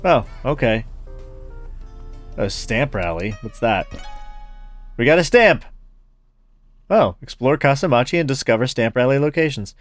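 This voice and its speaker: A man narrates his playthrough of a story game, reading each character's lines aloud and laughing at the script. His pitch swings widely from line to line, and soft music runs faintly behind him. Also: animated, unhurried, long pauses. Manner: reads every character aloud, switching voices. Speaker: gaming YouTuber. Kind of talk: let's play, voicing game dialogue.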